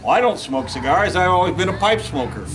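Over music, on a low-quality recording, a man talks a little fast in a high-pitched voice with lively intonation. The reenactor portrays a middle-aged, plainspoken Civil War Union general at an outdoor park history event, giving a first-person talk full of folksy stories and jokes with the audience.

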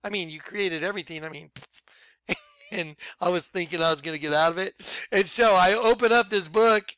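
A man leading a ministry, preaching informally in an animated way, laughing and swinging between loud outbursts and quiet asides. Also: sits high, normal speed, smooth, dry recording, clean studio sound. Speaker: ministry leader.

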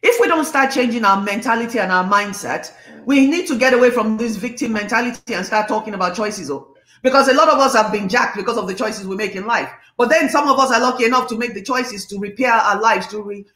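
A woman from Nigeria, hosting an impassioned live-stream monologue, her voice rising to yelling when passionate. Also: a little high, reverberant. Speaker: host.

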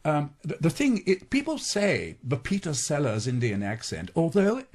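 Older male actor, refined English accent, husky and animated, radio guest. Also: fairly high pitch, normal speed. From Scotland. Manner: theatrical, animated, playful asides. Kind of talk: radio interview. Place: radio studio.

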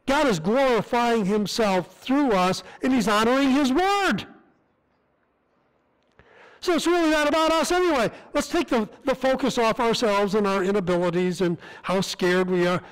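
A man's voice: very high voice, a little slow, poor audio. A man preaching as a visiting missionary, speaking in an earnest, conversational manner with frequent restarts. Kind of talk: sermon. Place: church sanctuary.

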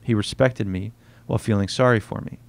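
A man reading aloud from his own novel at a bookstore event, quiet and unhurried, voicing the dialogue softly. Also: on the low side, creaky.

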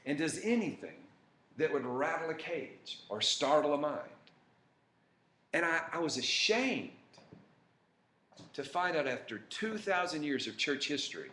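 A man's voice: a little high, a bit bright, roomy sound, slight background noise. A man preaching a sermon with passion, telling personal stories to his congregation during a church service. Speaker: pastor.

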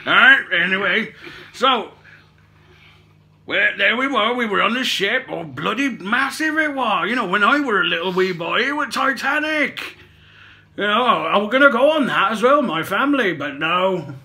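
A man's voice: sits high, expressive, moderate pace, pushed and bright. A man with a mixed Cockney and Somerset accent, telling a rambling comic story in character as a puppet-show host, correcting himself and swearing. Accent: mix of Cockney and Somerset. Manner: rambling, self-correcting, swearing, laughing at own jokes.

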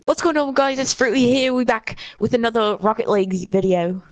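A man impersonating a hyped young male gaming YouTuber with shouty upbeat intro patter, pitched well above his own voice. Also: fairly quick, no echo.

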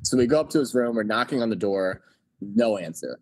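A man's voice: lowish voice, lively intonation, fairly quick, darkish tone. A man from a camera crew telling a story in casual chat, steadily building it step by step.

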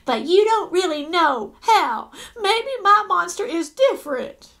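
An eager, determined little girl from a storybook, high and hopeful, her voice lifting as she speaks, as a woman reading aloud puts her on. She talks slowly, her pitch rising and falling. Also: very animated, a bit bright, full character voice.

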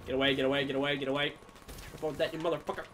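A man giving live gameplay commentary as a gaming YouTuber, swinging from low muttering to sudden yelling. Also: level tone, very fast, noisy background.

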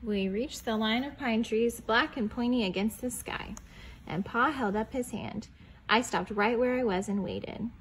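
A young woman reading a picture book aloud to preschoolers in a gentle storytelling voice, stopping to ask the children questions and dropping to a whisper on the quiet lines. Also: fairly high pitch, a little slow, slight background noise, poor audio.

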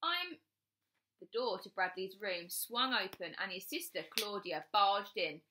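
A woman teacher reading a children's chapter book aloud with expressive storytelling. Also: mid-range voice, measured pace, a little hiss or hum.

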